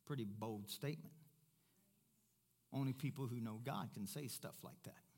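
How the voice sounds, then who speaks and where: A man preaching a sermon as pastor, first loud and emphatic, then quieter and conversational. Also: medium pitch, normal speed, slightly rough.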